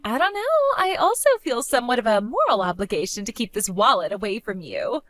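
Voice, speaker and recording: A woman's voice: fairly high pitch, very animated, a little fast, fairly bright tone, no room sound, soft background music. A woman voicing a spoiled, bratty young woman who taunts her older sister in a mocking, sing-song way. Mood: gloating. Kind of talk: animated story voice acting.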